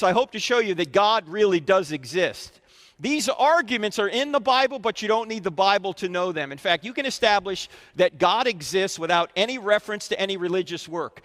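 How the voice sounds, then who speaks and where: A man's voice: high-pitched, a bit bright. A man giving a live lecture to a student audience in a university auditorium, quizzing them with questions as he goes. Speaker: Christian apologetics speaker. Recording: reverberant hall.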